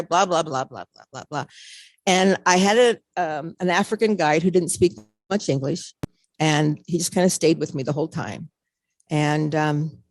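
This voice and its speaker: Brief: older woman, fairly low voice, dry close sound, animated storyteller. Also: dry recording. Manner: animated storytelling, acts out her own reactions. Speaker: speaker. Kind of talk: motivational talk.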